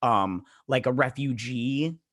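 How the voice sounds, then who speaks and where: A man's voice: mid-range voice, takes it slowly, a bit bright, no echo, studio quality. A man hosting a show, giving a casual, rambling episode recap full of fillers and restarts. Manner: rambling, filler-heavy retelling. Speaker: show host.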